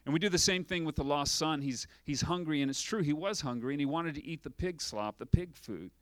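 A male pastor preaches with energy, firing off rhetorical questions and acting out short scenes. His voice sits a little high for a man. The sound is dry and close, with no room echo. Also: brisk. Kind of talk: sermon.

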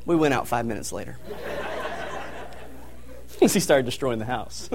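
A young man preaching a sermon, telling a family story in an animated way and laughing as he goes. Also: mid-range voice, unhurried, gravelly, background noise. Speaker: pastor.

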